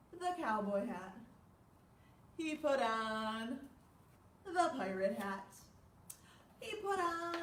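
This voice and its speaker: A woman's voice: high voice, a little hiss or hum. A woman leading a children's storytime, reading aloud with gasps and questions to her young listeners. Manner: animated, with gasps and questions to kids. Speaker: children's librarian. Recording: echoey room, far from mic.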